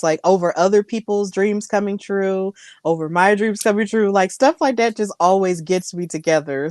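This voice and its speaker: A woman's voice: lowish voice, no room sound, clean studio sound. A woman hosting a casual wrestling recap chat, telling the story in a gushing, emotional way. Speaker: host.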